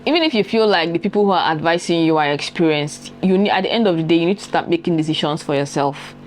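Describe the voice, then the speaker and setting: A young Nigerian-accented woman with a fairly low voice shares life advice in a relaxed monologue. She leans on repetition to press her points home and keeps asking the audience if they follow. A faint hum of room noise sits under her voice. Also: fast. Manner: emphatic, repeats key phrases, checks in with the audience. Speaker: vlogger. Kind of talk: casual advice monologue to camera.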